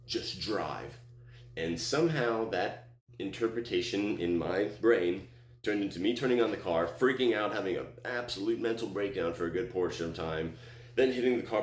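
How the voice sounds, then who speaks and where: A man's voice: fairly low pitch, expressive, brisk, roomy sound, slight background noise. A man from Texas telling a personal story, rambling, with many restarts and acted-out quotes. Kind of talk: personal story told on stage.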